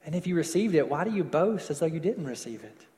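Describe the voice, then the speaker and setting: Man, pastor preaching a sermon, slightly high voice, long hall reverb. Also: sing-song. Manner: preaching with slowed emphasis and falling soft endings.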